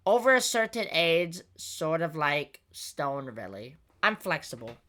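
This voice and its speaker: A woman podcast host with a bright, clear tone, ranting in an exasperated way and swearing freely. Her pitch swings widely as she talks in casual chat. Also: big pitch swings, a little slow.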